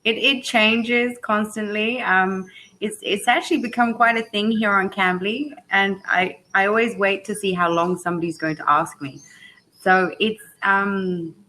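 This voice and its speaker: A woman with a British accent tinged by Australian and South African sounds, chatting casually as an English tutor on a video call, telling stories with lively laughter. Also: medium pitch, unhurried, rough recording. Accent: British blended with Australian and South African. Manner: chatty, laughing, animated storyteller. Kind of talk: casual chat.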